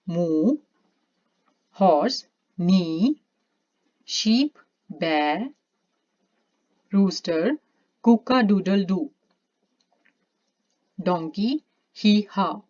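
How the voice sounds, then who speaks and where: A woman teaching English vocabulary, naming one word after another in a slow, deliberate way. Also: fairly low pitch, a little mellow. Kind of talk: reading a vocabulary list. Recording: muffled lo-fi sound.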